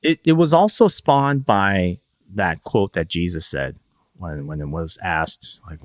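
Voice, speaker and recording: A man's voice: deep voice, expressive, unhurried, no room sound, studio quality. A man from Northern Virginia, a podcast guest in casual conversation, rambling, laughing often and acting out quoted voices.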